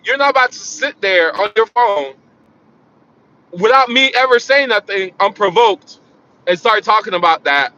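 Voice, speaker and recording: A man casually telling a personal story in an animated way, repeating phrases for emphasis. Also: high voice. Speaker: vlogger. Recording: dull lo-fi sound.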